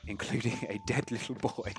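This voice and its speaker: A man's voice: mid-range voice, fairly bright tone, breathy edge. A man running a tabletop role-playing game as game master, chatty and laughing often.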